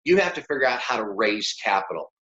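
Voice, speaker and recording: Speaking fast with lively intonation, this middle-aged man has a lowish, somewhat bright voice. As a business instructor giving a motivational workshop, he presses his points emphatically, coaxes his listeners, and often asks them questions. The audio is lo-fi, roomy, and slightly dull.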